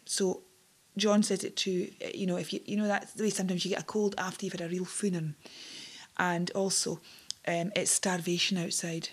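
A woman's voice: lowish voice, flat delivery, moderate pace, breathy edge. A Scottish woman in her fifties, chatting and telling anecdotes in a group interview, laughing often. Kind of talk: casual storytelling chat.

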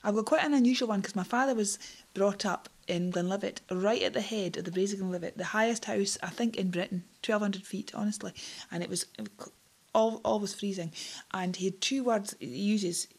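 A Scottish woman in her fifties chats and tells anecdotes during a group interview, laughing often. Her mid-range voice moves fairly quickly with few pauses.

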